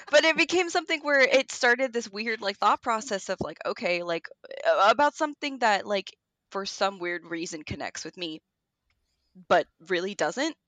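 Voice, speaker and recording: A woman co-hosts a podcast in a loose, casual chat. She tells her stories with a lot of energy, swears freely and laughs often. Her voice sits at a middle pitch and sounds dry and close to the mic. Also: normal speed, dry recording. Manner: animated storyteller who swears and laughs a lot. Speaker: podcast co-host.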